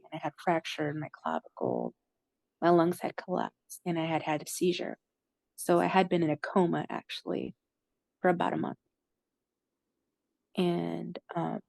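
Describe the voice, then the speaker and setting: Woman, low-pitched, halting storytelling, lots of filler words, dry sound. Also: vocal fry, a little mellow, dry recording. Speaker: interviewee recounting a near-death experience. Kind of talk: personal storytelling.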